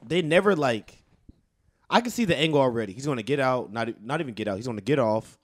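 A man's voice: mid-range voice, animated, quick pace, no echo. A man in casual chat, joking and using a lot of slang.

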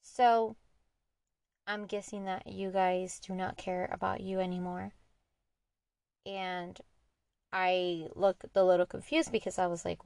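A woman's voice: lowish voice, flat delivery, slow, gravelly, pauses often, darkish tone, clear, resonant tone, no room sound. A young woman hosting a podcast, candidly retelling a personal story in an earnest, conversational monologue. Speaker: podcast host.

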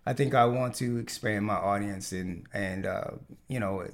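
A man's voice: on the low side, normal speed. A man hosting a casual podcast chat, talking with many fillers and restarts. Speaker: podcast host.

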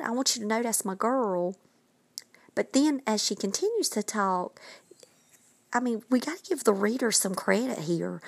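A woman hosts a podcast of writing advice, chatty and emphatic, dropping in quick asides as she goes. Her voice sits at an ordinary middle pitch, and the recording is dry and close with no room sound. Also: gravelly, no echo. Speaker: podcast host and writing coach.

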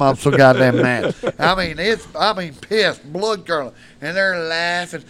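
A middle-aged man with a drawl tells a rowdy story on a casual podcast. His voice sits a bit high and he swears freely. He leaps into loud, worked-up quotes, then drops back to a low mutter. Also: moderate pace, hardly any pauses, a crowd in the background. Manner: profane, animated, swings loud for quoted lines. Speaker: storyteller guest.

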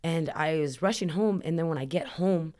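A woman's voice: low voice, moderate pace, mellow. A woman as a podcast guest, earnestly telling a personal story in a rambling way, full of "like" fillers. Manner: earnest, emotional retelling.

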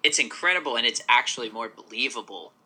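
A man's voice: medium pitch, animated, quick pace, sharp tone. A man co-hosting a podcast, chatting casually with short, agreeable remarks. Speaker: podcast co-host.

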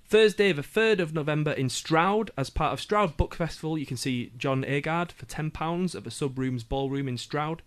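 A man's voice: on the high side, moderate pace, hardly any pauses. A man with a Yorkshire accent presenting a radio roundup of poetry events, chatty with jokey asides and frequent ums. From Yorkshire, England. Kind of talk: casual radio event listings.

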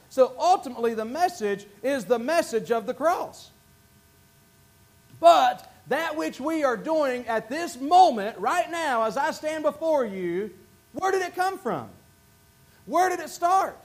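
A male pastor with a Southern drawl delivers a folksy, self-mocking sermon from a church pulpit. His voice sits unusually high, and he stumbles and restarts often. He sounds animated and down to earth. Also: a little slow. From North Carolina. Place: church sanctuary.

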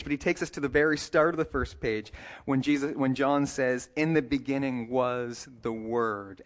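A man preaching a sermon as pastor, talking in a relaxed, conversational way with light jokes and quick self-corrections, and slowing down to read scripture deliberately. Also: fairly high pitch. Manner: reads scripture passages slowly and deliberately.

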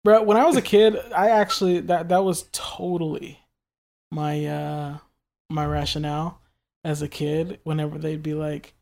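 A man's voice: a little high, steady tone, normal speed, creaky, a little mellow. A man from New York in casual chat, telling loose jokey stories with plenty of fillers. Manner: laid-back, joking, loose storytelling with fillers.

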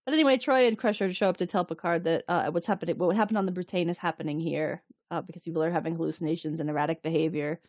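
A woman co-hosting a podcast, retelling an episode in a casual, animated way and acting out the quotes. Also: on the low side, racing, few pauses, no echo, studio quality. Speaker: podcast co-host. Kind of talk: casual recap chat.

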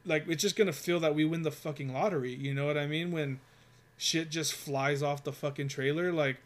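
A man's voice: fairly high pitch, steady tone, fairly quick. Profane rambling man telling a story. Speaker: storyteller in casual chat. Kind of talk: casual chat.

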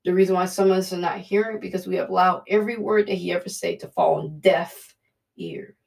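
Gravelly-voiced woman preaching earnestly. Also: lowish voice, fairly even intonation, a little fast, darkish tone. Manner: earnest, repetitive, conversational preaching. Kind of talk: devotional teaching.

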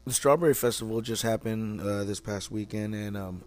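A man's voice: fairly low pitch, moderate pace, darkish tone. A young man from California hosting a casual solo podcast, talking in a laid-back, slangy and profane way. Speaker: podcast host.

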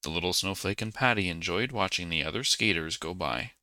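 A man reading a bedtime story aloud, calm and gently expressive. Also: low voice, fairly quick.

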